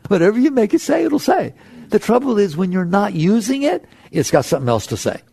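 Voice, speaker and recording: Raspy, animated spiritual teacher. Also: male voice, high-pitched, a little fast, no room sound. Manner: conversational, animated, acts out inner voices. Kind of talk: spiritual talk to an audience.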